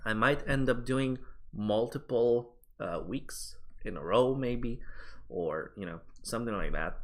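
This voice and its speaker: A man's voice: medium pitch, a bit bright. A man talking to his viewers in a loose, rambling vlog, chatty and swearing casually. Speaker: streamer and vlogger.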